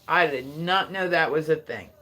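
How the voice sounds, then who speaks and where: Speaking at a normal speed with a bright, forceful, medium-pitched voice, this New Jersey-accented streamer talks casually into a phone. The talk rambles, wanders off on tangents, and is full of swearing.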